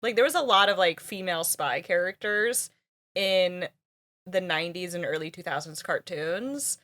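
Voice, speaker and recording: This podcast co-host is a woman whose lowish, fairly bright voice moves at normal speed. She talks casually, laughs often, and leans on lots of fillers.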